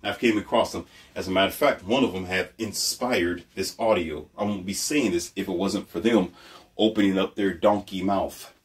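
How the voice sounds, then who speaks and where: Blunt, preachy man with a low voice. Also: normal speed, distant mic. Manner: emphatic, repetitive, blunt. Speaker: host of a motivational monologue. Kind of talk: preachy motivational monologue.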